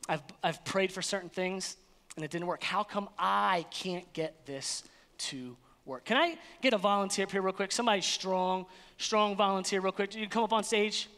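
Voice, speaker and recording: High-voiced animated pastor in a reverberant hall. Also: male voice, moderate pace. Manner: animated, playful, acts out voices. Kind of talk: energetic sermon. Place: church sanctuary.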